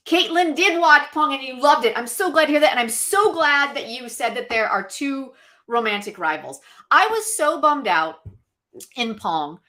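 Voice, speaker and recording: Woman, casual livestream chat, chatty, animated, bright tone, slightly high voice. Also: moderate pace. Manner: chatty, animated, talks to viewers directly. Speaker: podcast co-host.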